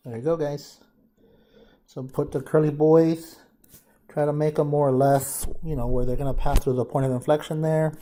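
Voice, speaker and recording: A man's voice: on the high side, level tone, normal speed, dark tone. A man teaching a math lesson, thinking aloud casually as he works problems and addresses the class as guys. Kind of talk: informal lesson walkthrough.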